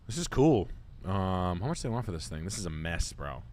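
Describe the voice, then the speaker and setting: A man talks with his co-host in a loose, profane ramble. His voice sits a little low, and he peppers his talk with "um" and blunt opinions. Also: big pitch swings, a little fast, a little mellow. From Boston area, United States. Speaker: podcast host. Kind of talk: casual crude chat.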